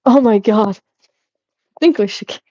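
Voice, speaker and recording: A woman's voice: on the high side, moderate pace, dark tone, no room sound, highs cut off. A young woman vlogging casually as she sorts things at home, talking in a rambling, chatty way, cutting herself off and laughing often. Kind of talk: casual chat while cleaning.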